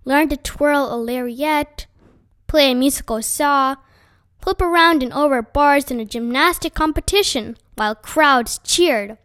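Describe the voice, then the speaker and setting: A woman reading a children's chapter book aloud, with gentle, expressive narration. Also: sits high, measured pace, no room sound, studio quality. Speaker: storyteller.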